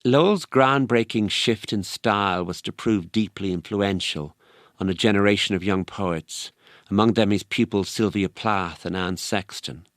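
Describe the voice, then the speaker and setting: A man giving measured, scripted documentary narration. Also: fairly low pitch, dry recording, clean studio sound.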